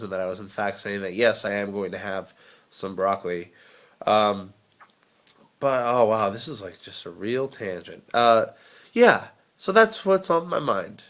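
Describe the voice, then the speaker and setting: A man's voice: lowish voice, fairly bright tone. Drowsy young man rambling in a vlog. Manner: rambling, self-deprecating, drifting into tangents. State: drowsy from cold medicine. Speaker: vlogger.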